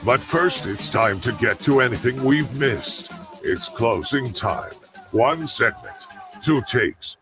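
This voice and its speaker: A man announcing a podcast segment in a slow announcer delivery. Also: mid-range voice, lively intonation. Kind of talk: recorded segment intro over music. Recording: announcer voice over loud music.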